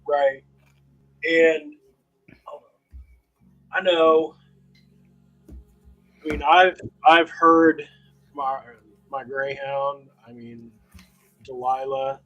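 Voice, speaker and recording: A man's voice: fairly high pitch, level tone, extremely slow, long pauses, a bit bright, highs cut off. Easygoing man hosting a talk stream. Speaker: host. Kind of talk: casual chat. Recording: faint music behind.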